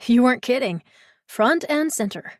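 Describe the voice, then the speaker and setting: A man's voice: very high voice, lively intonation, moderate pace, no room sound, clean studio sound, pitched above the performer's own voice. A woman voicing a friendly male baker in a storybook, talking in an earnest, grateful way. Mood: eager.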